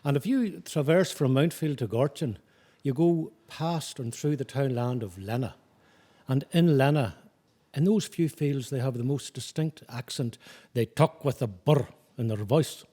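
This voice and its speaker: A man's voice: mid-range voice, measured pace, dark tone. A man with a Tyrone accent, a poet talking about local accents and reciting his own dialect poem in a rhythmic way. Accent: Northern Irish, Tyrone. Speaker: poet and musician guest.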